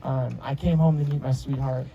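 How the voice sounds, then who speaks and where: This groom, a young man in his twenties, has a mid-range voice with a steady tone, talking at normal speed on a lo-fi recording. His emotional wedding speech wanders through stories full of restarts and filler words.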